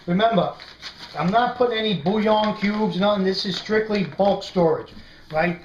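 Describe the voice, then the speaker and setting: A man's voice: sits high, normal speed, dull audio. Chatty New York man in echoey room. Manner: chatty, says "right?" constantly, animated storyteller. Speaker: prepping video host. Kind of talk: casual how-to vlog. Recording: echoey room, faint noise.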